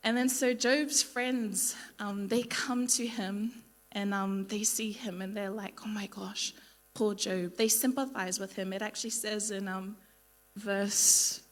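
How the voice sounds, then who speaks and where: A woman's voice: mid-range voice, steady tone, measured pace. A young woman giving an informal Bible study talk at church, chatty and full of ums and likes, acting out the people she quotes. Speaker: youth speaker at church.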